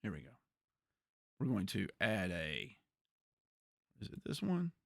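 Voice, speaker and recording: A man chatting casually on a gaming livestream, animated, often repeating words and laughing. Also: fairly low pitch, slow pace, gravelly, no echo, studio quality.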